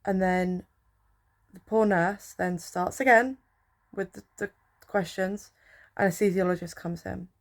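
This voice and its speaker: Drowsy chatty woman, gravelly voice. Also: mid-range voice, fairly even intonation, unhurried, long pauses. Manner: chatty, rambling, with filler words. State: drowsy from painkillers. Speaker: healthcare support worker. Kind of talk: casual storytelling vlog.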